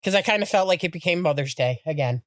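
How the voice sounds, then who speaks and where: A middle-aged woman, a podcast co-host, telling a personal story in a halting, heartfelt way with many restarts. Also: low voice, expressive, no room sound, clean studio sound.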